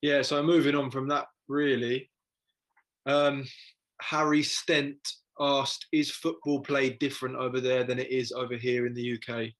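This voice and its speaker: A man's voice: medium pitch, little pitch movement, measured pace, fairly bright tone. Young man, self-mocking storyteller. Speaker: podcast co-host. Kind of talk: casual chat.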